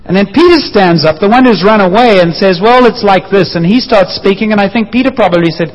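A man's voice: high voice, fairly quick. A male preacher tells a story in a slightly raised voice and acts out the people in it with shifting voices. His words ring on in a long hall reverb, and the recording sounds a little dull and muffled. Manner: lively storytelling, acting out voices. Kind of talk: sermon. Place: church hall.

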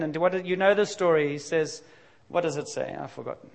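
Brisk and gravelly with few pauses, a middle-aged pastor delivers a frank, confessional sermon. His voice is slightly higher than most men's, and he veers from relaxed talk into sudden emphatic bursts.

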